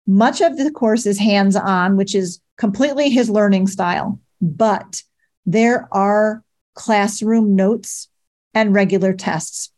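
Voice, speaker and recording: A middle-aged woman talks plainly and practically, giving advice as a mother of eight. Her voice sits at an everyday middle pitch for a woman. She speaks directly, with casual fillers. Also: slow, darkish tone. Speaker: parent advocate. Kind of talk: advice talk.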